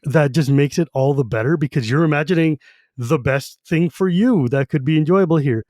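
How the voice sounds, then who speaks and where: A man co-hosting a podcast with a slightly higher voice, talking in an eager, casual way as he retells scenes from a book. The sound is dry and close, with no room around it. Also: moderate pace, a little mellow, no echo. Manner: enthusiastic, retells scenes loosely with paraphrased quotes. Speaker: podcast co-host.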